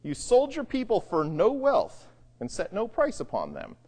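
A Bible teacher lecturing on the Psalms, reading verses slowly and then explaining them in a dramatic, conversational way, dropping to hushed low phrases for emphasis. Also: huge pitch swings, in a large hall. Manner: reads scripture slowly, then comments conversationally.

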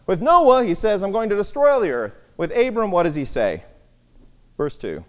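Lively Bible teacher, pitch swinging widely, quizzing the listeners, recorded in a hall with long reverb. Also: moderate pace. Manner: animated, asks the listeners rhetorical questions.

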